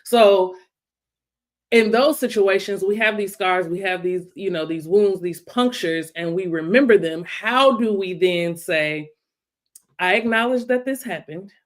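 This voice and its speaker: A woman's voice: fairly low pitch, measured pace. Reflective woman co-hosting a talk show. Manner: thoughtful, self-questioning. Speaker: co-host.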